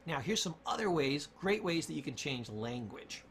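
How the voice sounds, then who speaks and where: A man's voice: fairly high pitch, sing-song, moderate pace, vocal fry, a bit bright, slight background noise. A man giving an emphatic motivational lesson on self-talk and word choice, repeating key points for stress. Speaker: communication coach.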